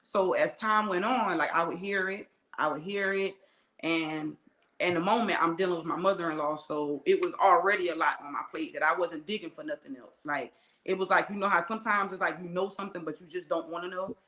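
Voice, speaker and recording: A woman's voice: on the low side, fairly quick, fairly bright tone, reverberant. A woman guest telling her life story in an earnest, conversational way, with many asides and acted-out quotes. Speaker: interview guest.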